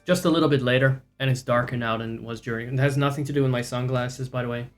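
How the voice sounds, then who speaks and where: A male streamer talks loosely to his chat from a home setup, wandering between topics with dry sarcasm and frequent profanity. His pitch sits in an ordinary middle range, and faint background music plays underneath. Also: steady tone, quick pace. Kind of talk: casual live-stream chat with viewers.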